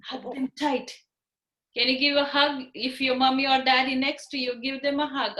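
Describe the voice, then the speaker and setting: A woman's voice: high voice, flat delivery, moderate pace, sharp tone, a little hiss or hum, poor audio. A woman teaching young children in an online class over a video call, encouraging them with simple words and frequent tag questions.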